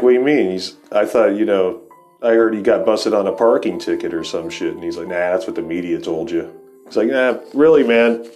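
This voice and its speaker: A man in his forties hosting his show shares meandering, foul-mouthed stories in an easygoing stoner way. His voice runs on the low side and sounds a little mellow.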